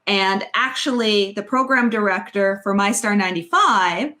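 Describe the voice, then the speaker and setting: A woman hosting a casual radio interview, friendly and quick to laugh. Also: mid-range voice, bright, forceful tone. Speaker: radio show host.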